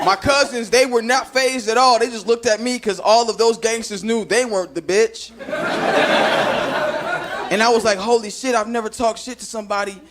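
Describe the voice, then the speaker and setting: A man's voice: extremely high pitch, steady tone, moderate pace, a little hiss or hum. A man from Chicago doing a stand-up routine, telling a story and acting out the voices of people in it. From Chicago, USA. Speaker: stand-up comedian. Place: comedy stage before a live audience. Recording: live club recording with loud crowd. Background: loud audience laughter.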